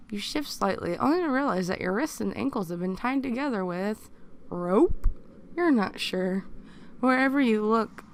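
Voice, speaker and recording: A woman's voice: medium pitch, creaky. A woman casually narrating a second-person story, breaking off into crude, joking asides. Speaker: reader of fan fiction.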